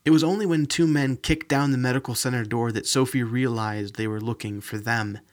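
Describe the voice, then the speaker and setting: A man narrating a fantasy novel in a steady, even reading. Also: medium pitch, fairly quick. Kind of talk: audiobook reading.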